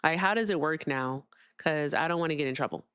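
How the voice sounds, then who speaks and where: A woman's voice: deep voice, fairly quick, a bit bright, clear, resonant tone, dry recording, studio quality. A young woman hosting a casual livestream, chatting with her viewers while she fixes her sound. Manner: chatty, talks to viewers, fiddles with sound settings. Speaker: livestream host.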